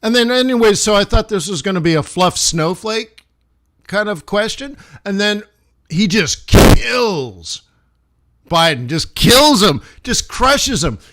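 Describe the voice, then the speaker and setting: Middle-aged male trader, fairly high voice, loose animated livestream talk. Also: takes it slowly. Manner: animated, rambling, restarts and acted asides. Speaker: forex trader streaming live. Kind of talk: casual livestream commentary.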